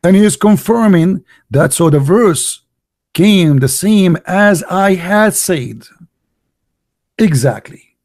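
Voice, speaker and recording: Combative high-voiced man hosting a debate. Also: darkish tone, no echo, studio quality. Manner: combative, interrupting, repeats phrases and insults. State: losing his voice. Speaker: host of a live call-in debate stream. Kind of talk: heated live debate with a caller.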